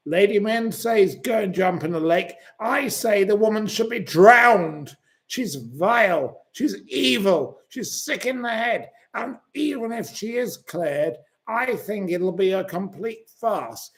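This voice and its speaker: Slow-talking ranting man. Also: high-pitched, animated. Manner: ranting and swearing at commenters. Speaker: channel host. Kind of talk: livestream rant reading viewer comments.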